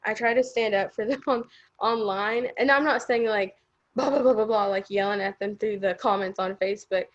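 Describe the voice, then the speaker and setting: A woman's voice: medium pitch, normal speed, muffled recording. Woman sharing a personal story, hesitant. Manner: hesitant, with many fillers and nervous laughs. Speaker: interviewee.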